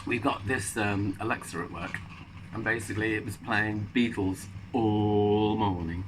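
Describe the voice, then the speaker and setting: A man's voice: fairly low pitch, fairly even intonation, a little slow, background noise. A man hosting a casual on-camera chat, with playful, joking banter. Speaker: host.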